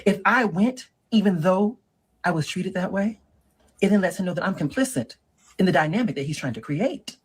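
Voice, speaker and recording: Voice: mid-range voice, expressive, moderate pace, slightly rough, low-quality recording. A performer playing a sassy middle-aged woman who lectures on dating in a comedic monologue and keeps calling the listener girl and honey. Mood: sassy lecturing. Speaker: relationship advice monologue.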